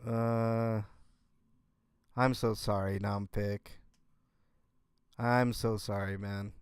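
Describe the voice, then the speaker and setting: Halting man hosting a home livestream. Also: lowish voice, little pitch movement, clear, resonant tone, no echo, studio quality. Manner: halting, restarts and repeats words. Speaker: livestream host. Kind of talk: casual livestream chat with viewers. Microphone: computer setup.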